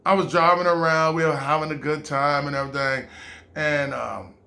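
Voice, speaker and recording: A man's voice: fairly high pitch, steady tone, moderate pace, vocal fry, pushed and bright. A man telling a casual personal story, rambling with fillers and restarts and acting out the quotes.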